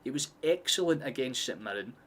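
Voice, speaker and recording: A man's voice: mid-range voice, a little fast, slight background noise. Sweary Scottish man calling a match. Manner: excitable, sweary, chatty asides. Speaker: streamer hosting a match watchalong. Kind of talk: live casual football commentary.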